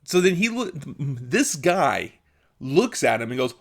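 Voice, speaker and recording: A man's voice: medium pitch, expressive. A young man telling a casual personal story, chuckling as he goes and restarting his sentences. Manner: laughs often, with quick restarts. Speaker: vlogger.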